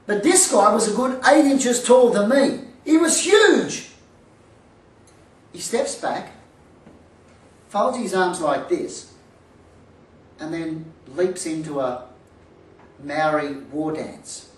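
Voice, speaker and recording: A man telling a comic story of his boxing days, lively and self-mocking, with punchline timing. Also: high-pitched, slow, pauses often. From Australia. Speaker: storyteller, former boxer. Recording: roomy hall, from far off.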